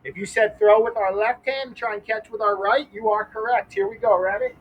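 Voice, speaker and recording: A man's voice: sits high, fairly even intonation, a little fast, dull audio. A young adult man coaching kids through a ball game outdoors at a school, upbeat and counting catches aloud. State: out of breath.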